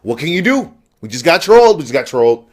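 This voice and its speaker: A man's voice: fairly high pitch, very animated, fast talker, slight background noise. A man ranting heatedly about a gaming event, exasperated and sarcastic. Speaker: gaming vlogger. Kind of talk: angry rant.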